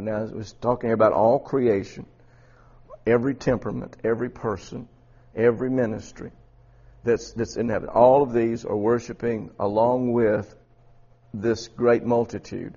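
A man's voice: mid-range voice, fairly even intonation, moderate pace, dark tone, lo-fi sound. A man preaching a Bible lesson in a conversational way, with many restarts and rhetorical questions. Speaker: preacher teaching a Bible study. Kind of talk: sermon.

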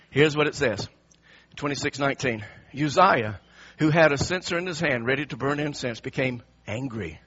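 A man's voice: medium pitch, a bit bright, breathy edge, muffled recording. A man preaching a sermon in an emphatic way, often repeating and restarting his phrases.

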